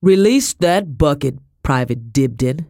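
A man's voice: a little high, measured pace, a little mellow, no room sound, clean studio sound. A reader voicing a short, stern male army sergeant who gives firm, formal, courteous orders. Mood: commanding.

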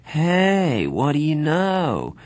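A man voicing a drunk, sneering teenage gang bully who taunts in a slow drawl. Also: fairly high pitch, wildly swooping pitch, dry recording, voice pushed up, exaggerated voice.

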